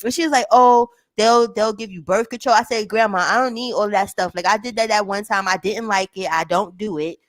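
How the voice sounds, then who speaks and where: A woman's voice: mid-range voice, brisk, few pauses, no room sound. A young woman in casual chat, telling a story with lots of swearing and acting out the voices of her family. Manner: animated, swearing, acts out family members' voices.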